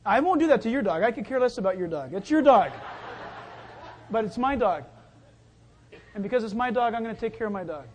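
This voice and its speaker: A man's voice: high voice, lively intonation, a little fast, long pauses, slight background noise. A man preaching a sermon, telling stories in a loose, chatty way and acting out the voices in them. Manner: conversational storytelling with acted-out voices. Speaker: pastor.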